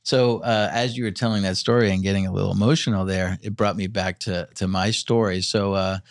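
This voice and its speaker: Low-voiced host, a bit off mic. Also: male voice, fairly even intonation, brisk, no echo, studio quality. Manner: supportive, short affirmations, then reflective storytelling. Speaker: podcast host. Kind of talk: casual interview chat.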